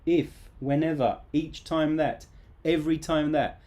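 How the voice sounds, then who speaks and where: A man's voice: fairly high pitch, fairly even intonation, measured pace, darkish tone. A man teaching English grammar in a casual, playful live online class.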